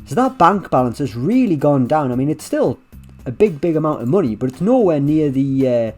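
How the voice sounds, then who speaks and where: A man giving casual, chatty commentary over a management game, with wry asides and lively swings in delivery. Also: fairly high pitch, a little fast, faint music behind. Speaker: gaming YouTuber.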